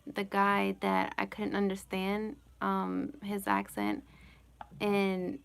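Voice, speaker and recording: Speaking slowly in a creaky, clean-toned voice of medium pitch, a woman runs a casual home live Q&A. She rambles through chat questions, leaning on "like" and "you know," and giggles frequently.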